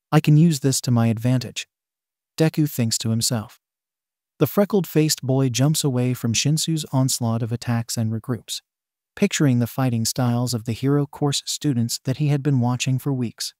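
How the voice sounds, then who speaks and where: A man narrates a fan fiction story in a level, mid-range voice. His reading is flat and steady, reading even symbols out literally, and the sound is dry and close. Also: medium pitch, moderate pace, no echo.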